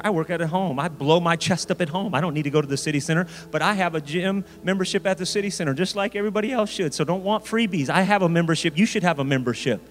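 A man preaching a sermon as pastor, with emphatic rises and slow dramatic phrases. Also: on the high side. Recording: reverberant hall with faint music.

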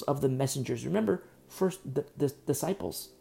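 A man's voice: mid-range voice, a little fast, gravelly, hardly any pauses, a little mellow. A man preaching a sermon as pastor, emphatic and repetitive, often restarting his sentences.

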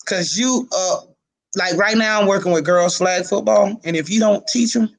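Casual male interviewee, high-pitched man, animated storyteller, from Miami. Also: normal speed, vocal fry. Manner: animated storyteller, laughs often. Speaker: youth football coach.

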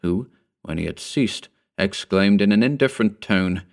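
Man, low voice, measured formal story narration. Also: animated, vocal fry. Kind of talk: scripted narration.

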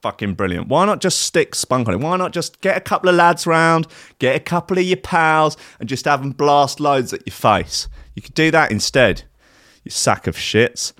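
A man's voice: on the high side, moderate pace, a bit bright, no echo, clean studio sound. A man hosting a streamed comedy show, ranting sarcastically and swearing in exasperation. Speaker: host.

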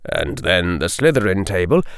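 A man narrating a story as an audiobook in an expressive, performed reading. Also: low-pitched, moderate pace, clean tone, no echo, studio quality.

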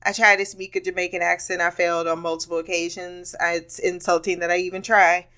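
A woman's voice: fairly low pitch, flat delivery, brisk, sharp tone. A woman hosting a podcast, telling a rambling, candid story in a casual monologue with frequent laughter and swearing. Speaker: podcast host.

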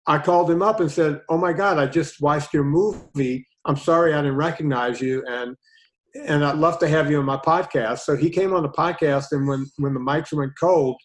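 Animated man telling a story on a podcast. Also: on the high side, moderate pace, low-quality recording. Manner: animated storyteller, retells conversations in quotes. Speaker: podcast host. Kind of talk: casual storytelling chat.

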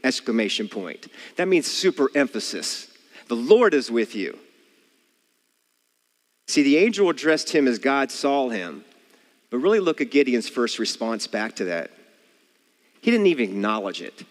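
An earnest male preacher who works through a story and keeps putting rhetorical questions to the listeners, his pitch swinging widely. His voice carries a long reverb, like a church hall. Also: sing-song, moderate pace. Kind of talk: sermon.

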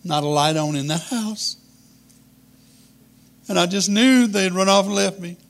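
A man, telling a humorous childhood story in a folksy, deadpan way. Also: sits high, a little slow, gravelly.

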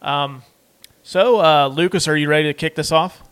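A man's voice: on the high side, moderate pace, a bit bright, smooth. A man co-hosting a casual movie watch-along podcast, loose and rambling, with plenty of fillers. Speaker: podcast co-host.

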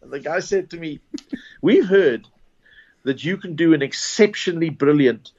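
A man's voice: a little high, expressive, moderate pace, darkish tone. A South African man spins stand-up stories in a loose, rambling way, tripping over his starts and chuckling as he goes. The recording is dull and slightly lo-fi. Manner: rambling anecdotes with false starts and laughs. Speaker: comedian. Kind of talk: casual interview storytelling.

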